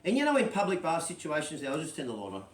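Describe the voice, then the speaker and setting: A man's voice: on the high side, huge pitch swings, fast talker. A man telling a rambling, swear-laden story in casual anecdotal style, checking in with "right?" constantly. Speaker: show host telling a story. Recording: roomy echoey sound.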